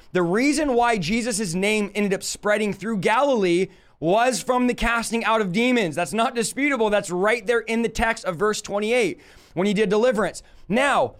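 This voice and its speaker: A man preaching a live-stream Bible teaching, emphatic and full of rhetorical questions to his audience. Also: sits high.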